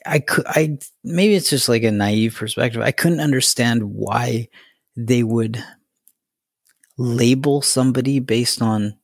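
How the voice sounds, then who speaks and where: Male podcast host, raspy with vocal fry, rambly and eager, recorded dry. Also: medium pitch, measured pace, no room sound. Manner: rambling, enthusiastic, lots of fillers. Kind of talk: casual interview chat.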